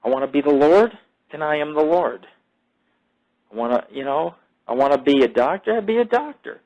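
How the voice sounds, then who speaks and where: A man's voice: fairly high pitch, animated, a little mellow, dull audio. A man hosting his own show in a rambling, casual monologue. He swears freely, wanders off topic and restarts his sentences. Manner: profane, digressive, self-mythologizing; halting restarts and repeated fillers. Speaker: podcast host.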